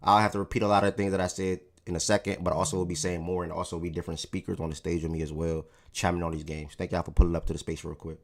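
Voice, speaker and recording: A man's voice: deep voice, level tone, very fast, hardly any pauses. A man hosting a casual sports livestream, feeling sick with a strained voice, talking in a laid-back, joking way to his chat. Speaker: livestream host.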